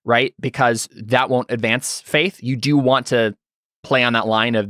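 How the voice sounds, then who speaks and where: A man's voice: mid-range voice, steady tone, brisk, fairly bright tone, no echo, studio quality. A man running a tabletop game as game master, patiently explaining the rules with frequent ums and restarts.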